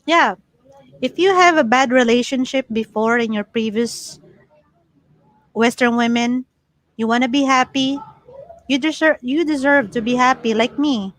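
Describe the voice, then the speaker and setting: A woman's voice: fairly high pitch, unhurried, long pauses, a bit bright, no room sound, low-quality recording. A chatty, giggly woman with a Filipino accent, hosting a casual livestream and reading out viewer comments. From Philippines. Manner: chatty, giggly, code-switching. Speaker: livestream host.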